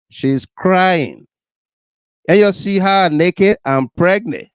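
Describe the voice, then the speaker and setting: A man's voice: high voice, lively intonation, slow, clean tone, no echo. Indignant Liberian man hosting commentary. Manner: urgent, indignant, repeats phrases for emphasis. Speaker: host commenting on video clips. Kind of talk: talk-show commentary.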